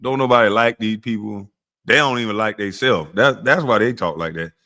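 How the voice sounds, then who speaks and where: While hosting a laid-back livestream, a man smokes and trades trash talk, roasting the chat. His pitch shoots up during the heckling and falls to a slow, low register when he eases off.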